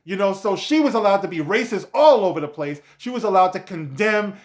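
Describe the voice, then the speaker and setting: A man's voice: sits high, animated, brisk. A man giving a profane, sarcastic rant as a video commentator, with many fillers like "you know". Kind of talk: ranting commentary vlog.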